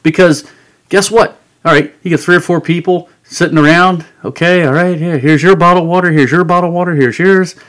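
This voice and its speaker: A man's voice: fairly high pitch, fairly even intonation, fairly quick, fairly bright tone. A man hosting a podcast, delivering an angry, sarcastic rant full of swearing. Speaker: podcast host. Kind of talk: profane comedic rant. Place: home studio.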